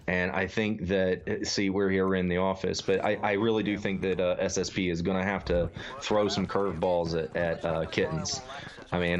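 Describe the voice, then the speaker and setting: Male esports caster, very deep, relaxed and chatty, lo-fi mic sound. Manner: laid-back, uses filler "man". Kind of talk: casual play-by-play commentary.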